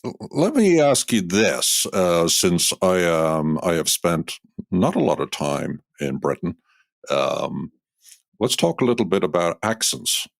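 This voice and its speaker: A man's voice: deep voice, very animated, takes it slowly, creaky, no room sound, clean studio sound. A man from Ireland co-hosting a podcast interview, talking in a wry, teasing way with some hesitations. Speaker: podcast co-host. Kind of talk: conversational interview.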